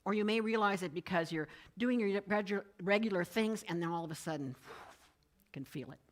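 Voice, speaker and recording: A woman's voice: mid-range voice, normal speed. A woman giving a conversational church message, telling personal stories and quoting others. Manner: storytelling, animated, quoting others in changed voices. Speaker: speaker giving a Sunday message. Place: church sanctuary.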